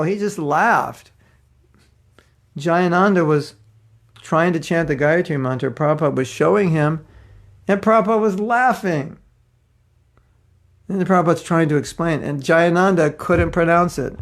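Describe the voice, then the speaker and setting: Speaking at a measured pace and pausing often, a man with a voice on the high side teaches a devotional class. He's a spiritual teacher who tells stories and brings the voices of their figures to life.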